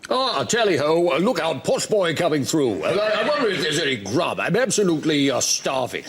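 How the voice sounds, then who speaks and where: A comedian doing a posh blustering buffoon politician. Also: male voice, a little high, sing-song, fairly quick, over a noisy crowd. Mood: greedy blustering. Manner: blustering, rambling with stammered restarts. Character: posh blond greedy male politician, buffoonish. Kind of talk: improvised sketch impression. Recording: noisy studio with loud audience.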